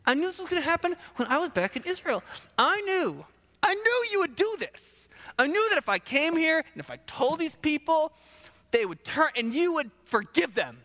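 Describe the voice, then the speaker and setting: A man's voice: extremely high pitch, big pitch swings, normal speed, sharp tone, voice pushed up, exaggerated voice. A man doing a whiny indignant prophet. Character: angry sulking male prophet, adult. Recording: long hall reverb.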